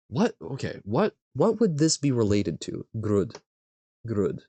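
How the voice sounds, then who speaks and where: Male streamer, thinking aloud, halting word guesses, lively pitch, slow delivery, dry sound. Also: husky, no room sound. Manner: sounds out foreign words haltingly, muttering guesses. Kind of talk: thinking aloud during a live quiz stream.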